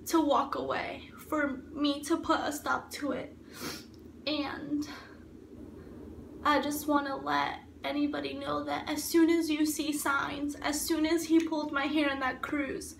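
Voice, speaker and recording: A young woman telling her own story of abuse in an emotional, halting way, often repeating herself. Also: high voice, gravelly, fairly bright tone. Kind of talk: personal testimony. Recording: echoey room, mic at a distance, faint ambient noise.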